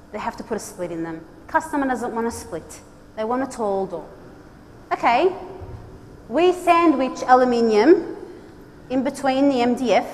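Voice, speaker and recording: High-voiced woman presenting in a hall. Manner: energetic, direct and exhorting, with playful asides. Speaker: design speaker at a trade congress. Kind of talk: conference presentation. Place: large conference hall. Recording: long hall reverb, faint background noise.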